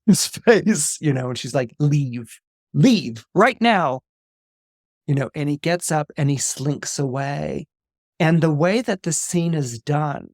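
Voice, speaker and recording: A man, an astrologer guest on a podcast, telling a story in a lively, chatty way with many fillers and restarts. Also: a little high, dry recording, clean studio sound.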